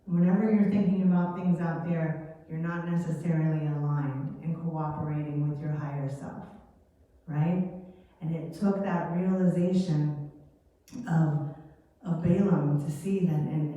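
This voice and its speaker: A woman teaching a children's Sunday lesson, telling a Bible story in a chatty, animated way. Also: low-pitched, measured pace, highs cut off. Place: church hall. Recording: echoey hall from far off.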